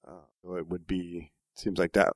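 A man co-hosting a casual chat, relaxed and given to wry quips. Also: sits low, normal speed, no room sound. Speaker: podcast co-host.

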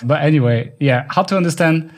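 A man with a French accent, a non-native English speaker co-hosting a podcast, explaining at length in casual chat. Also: fairly high pitch. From France. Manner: rapid talker who explains at length. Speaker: podcast co-host.

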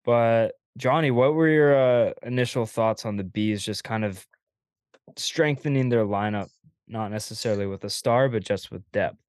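Young man, sports chat host, relaxed and opinionated, dry close sound. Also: on the low side, moderate pace, no room sound. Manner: relaxed, opinionated, loose with fillers and swearing. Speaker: podcast host.

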